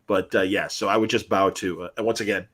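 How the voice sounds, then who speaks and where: A man's voice: sits low, fairly quick, breathy edge. A man co-hosting a podcast, telling funny stories in casual chat and acting out the voices of the people in them. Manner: animated storyteller, acts out voices. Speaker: podcast co-host.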